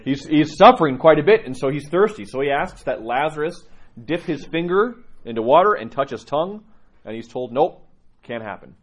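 A man teaching and telling stories in a lively way, acting out the people's lines as he speaks. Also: on the high side, fairly quick. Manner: animated storytelling, acts out dialogue.

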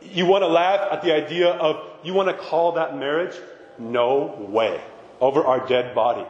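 A male priest preaching a blunt, animated sermon with mocking asides. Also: fairly high pitch, normal speed, highs cut off. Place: church. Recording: echoey hall from far off.

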